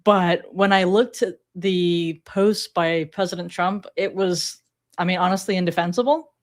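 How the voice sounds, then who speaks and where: A woman from England with a Sheffield accent softened by years in America, talking animatedly as an interview guest and often laughing. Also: fairly low pitch, unhurried. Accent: Sheffield English with a slight American twist. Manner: animated, laughs often, puts on voices to quote others. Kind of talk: conversational interview.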